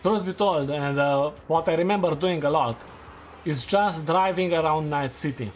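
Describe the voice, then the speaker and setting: A man's voice: a little high, normal speed, faint music behind. A man streaming a game, chatting casually and laughing at his own takes; English is not his first language. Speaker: gaming streamer. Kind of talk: casual gameplay commentary.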